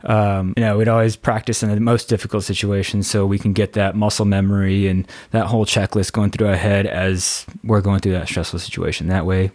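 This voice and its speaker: A man co-hosting a casual podcast, talking about training in a relaxed way with fillers. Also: deep voice. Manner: quick, relaxed, filler-heavy.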